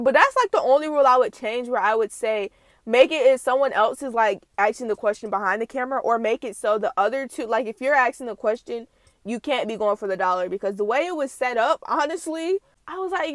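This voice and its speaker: A woman's voice: fairly high pitch, expressive, fairly quick, a bit bright, no room sound. A young woman hosting a casual reaction recap, chatty and slangy, laughing often. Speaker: reaction channel host.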